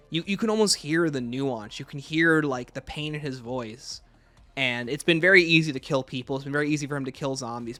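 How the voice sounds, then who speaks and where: A man's voice: medium pitch, bright, forceful tone. A man giving an unscripted video game review in a casual, rambling way, often restarting his sentences.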